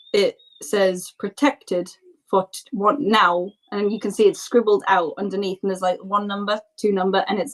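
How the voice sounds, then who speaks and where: Woman GM, casual loose narration, mid pitch. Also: poor audio. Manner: loose, chatty, lots of fillers. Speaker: game master. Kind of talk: narrating a tabletop game.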